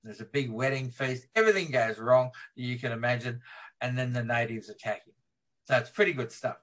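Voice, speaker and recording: A man being interviewed as a film historian, retelling film scenes in a lively way and laughing as he talks. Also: mid-range voice, brisk. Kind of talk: animated interview storytelling.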